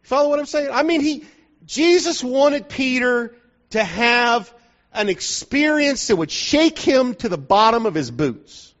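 A man's voice: very high-pitched, expressive, measured pace, fairly bright tone. A man preaching a sermon in a conversational, joking way, often asking the listeners whether they are following, in a dull lo-fi recording from a church hall.

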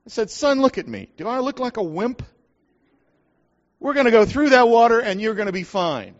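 Middle-aged man, very high voice, folksy preacher telling stories, dull lo-fi recording. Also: animated, a little fast. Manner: folksy storyteller, acts out quotes. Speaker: pastor. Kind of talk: sermon with personal story. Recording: dull lo-fi sound.

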